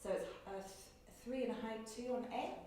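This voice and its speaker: An encouraging woman leads a group violin class, counting and cueing her players with a slightly high voice. The room is echoey and the mic sits far from her, with violins sounding around her. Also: fairly quick, loud music behind the voice. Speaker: violin teacher trainee. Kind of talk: demonstrating a group violin lesson. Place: teaching room. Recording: roomy, distant mic with violin playing.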